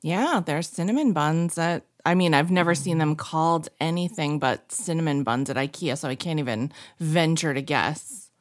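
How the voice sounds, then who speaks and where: A woman's voice: deep voice, normal speed, no echo. A woman on a video call, chatting casually with a dry, wry way of talking. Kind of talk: casual chat.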